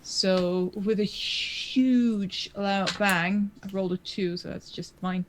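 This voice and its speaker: A woman playing a tabletop role-playing game, describing her character's actions slowly and hesitantly. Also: mid-range voice, fairly even intonation, background noise. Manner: slow and hesitant, searching for words. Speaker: player.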